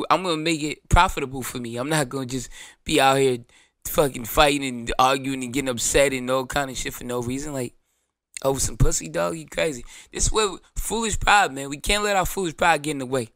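A man's voice: mid-range voice, fairly quick, pushed and bright, no room sound, clean studio sound. A man, hosting his show in a blunt, profane, joking monologue. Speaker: show host. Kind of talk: casual monologue.

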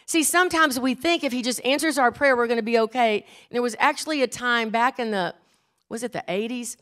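An older woman preaching a sermon in church, earnest and emphatic, slowing down and repeating key phrases. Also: on the high side, fairly bright tone.

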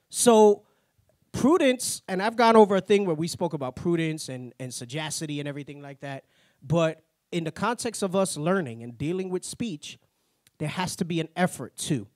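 A man teaching a Bible class in a plain-spoken, conversational way, tagging his points with a quick "right?". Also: high-pitched, a little mellow, no room sound, studio quality. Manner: tags nearly every point with "right?"; plain-spoken, slangy asides.

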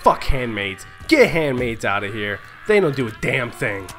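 A man's voice: mid-range voice, very animated, normal speed, fairly bright tone, faint music behind. A young man commentating his own chaotic survival game, frantic, laughing and swearing. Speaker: gaming YouTuber.

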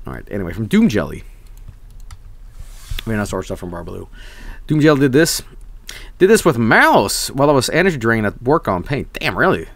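A man's voice: medium pitch, big pitch swings, brisk, vocal fry, long pauses, no room sound. A young man streaming, chatting casually and reading viewer messages, rambling and swearing, often breaking into laughs.

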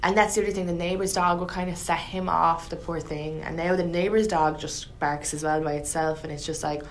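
A woman's voice: lowish voice, fairly even intonation, brisk, slight background noise. A young Irish woman chatting casually and joking at her own expense, often trailing off and restarting. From Ireland. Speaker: comedian, show host. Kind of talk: casual chat.

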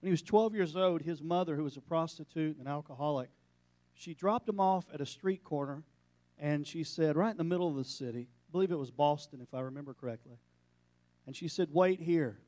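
A male pastor preaching a sermon, telling a story with emphatic bursts and quiet, hushed passages. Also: fairly high pitch, brisk, no echo. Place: church sanctuary.

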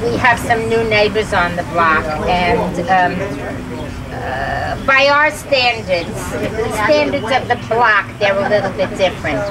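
A mother of a gay son telling a lively story in an interview, acting out the dialogue. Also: mid-range voice, a little slow, recorded from a distance, a loud crowd, poor audio.

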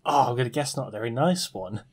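A man's voice: medium pitch, animated, fast, breathy edge. A British man co-hosting a podcast, giving dry, wry comments in casual chat. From Britain. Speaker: podcast co-host.

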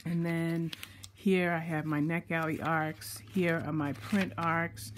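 A woman's voice: low voice, little pitch movement, slight background noise. A woman book blogger chatting casually as she shows her planners, often stopping to correct herself. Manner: chatty, self-correcting, reads lists slowly. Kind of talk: casual show-and-tell vlog.

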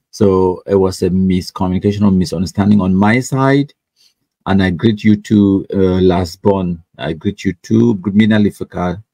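A man's voice: sits low, mellow, no echo. A man with a Cameroonian Pidgin English accent, hosting a livestream and reading out viewer comments in a chatty, mocking way, laughing often and repeating words. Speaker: livestream host.

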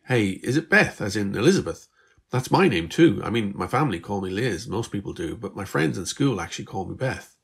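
A man voicing a stubborn, curious teenage girl who keeps asking questions, in a husky voice. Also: lowish voice, big pitch swings, fairly quick, heavily acted. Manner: pushy, questioning.

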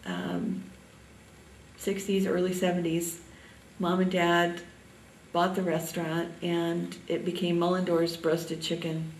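An older woman from Indiana reminiscing in an oral history interview, halting often with ums. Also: on the low side, echoey room, far from the mic, slight background noise, poor audio.

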